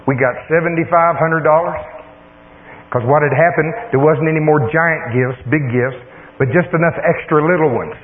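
A preacher with a slightly high voice, emphatic and folksy as he teaches and tells stories. The recording is thin and phone-like, with a faint hiss and a long reverb from a large hall. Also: moderate pace. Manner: emphatic, folksy and plain-spoken. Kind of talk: sermon with storytelling. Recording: tinny lo-fi tape in echoey hall.

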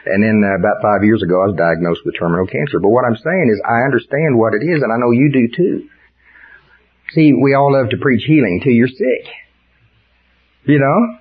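A man's voice: medium pitch, fairly quick. An older man preaching a sermon in a folksy storytelling way that rises into fervent preaching. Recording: dull lo-fi sound.

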